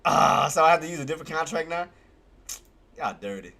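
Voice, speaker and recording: A man giving live trading commentary on his stream. He talks excitably, repeats himself often, and swears. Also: a little high, brisk. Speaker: day-trading livestreamer.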